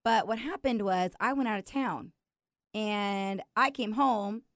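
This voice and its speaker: A woman's voice: medium pitch, a little slow, a bit bright, dry recording, studio quality. A woman hosting a podcast in casual chat, telling stories and teasing her husband. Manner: chatty, teasing, storytelling. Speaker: podcast host.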